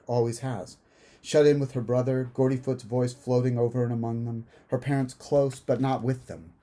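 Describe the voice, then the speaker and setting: A man, the author, reading his own literary horror story aloud in a measured, hushed, unhurried way. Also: medium pitch.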